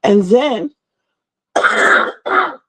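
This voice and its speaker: Hosting a casual livestream, a middle-aged woman greets viewers and rambles through stories. She speaks very slowly in a fairly high, bright, forceful voice with big pitch swings and slight roughness, and the recording is rough.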